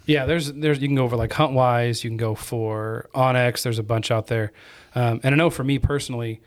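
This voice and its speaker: Male host with a middle-range voice, lively and conversational. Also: mid-range voice, brisk. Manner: energetic, chatty storyteller. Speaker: podcast host. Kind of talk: casual storytelling chat.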